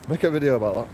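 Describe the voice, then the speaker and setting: A man rambling profanely to his camera outdoors, laughing to himself now and then, with traffic behind him. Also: medium pitch. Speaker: street video blogger. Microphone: handheld camera. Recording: street ambience and traffic noise.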